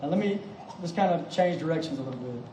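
A man's voice: a little high, animated, quick pace, warm tone, slight background noise. Male pastor, emphatic sermon with rhetorical questions, roomy distant church sound. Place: church sanctuary.

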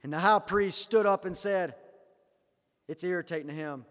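A man preaching a sermon as a pastor, swinging between loud emphatic rises and quiet hushed lines. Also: high-pitched, moderate pace, pauses often, big-room sound.

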